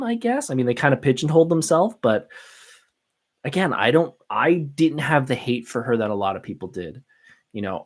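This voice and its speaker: A man hosting a solo podcast, chatting casually and giving his opinions in a rambling way, with many fillers and restarts. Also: medium pitch. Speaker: podcast host.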